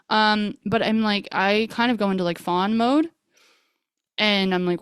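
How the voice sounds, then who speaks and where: A woman's voice: medium pitch, brisk, clean tone, no room sound, studio quality. A young woman hosting a podcast, telling a personal story in a chatty way, full of fillers and quoted dialogue. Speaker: podcast host.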